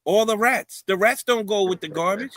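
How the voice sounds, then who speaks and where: A man with a bright, forceful, fairly high voice tells stories in a casual podcast chat. He jokes along the way and acts out what people said. The sound is dry and close. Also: normal speed, dry recording. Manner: storytelling, jokey, acts out quotes. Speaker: podcast co-host.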